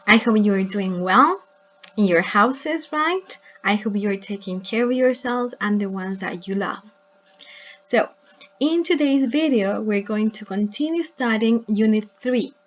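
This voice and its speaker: With an animated, mid-range voice, this teacher leads an English lesson on video, saying words slowly so her students can repeat them and patiently asking "right?" or "yes?" along the way. The highs are cut off, and there's a little hiss or hum.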